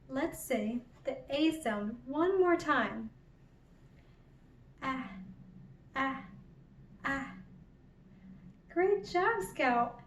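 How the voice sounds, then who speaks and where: Very slow, high-voiced gentle woman teacher. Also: recorded from a distance, slight background noise. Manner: gentle, encouraging, drawn-out repetition. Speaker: children's educator. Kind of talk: toddler phonics lesson. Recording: roomy, from off the mic.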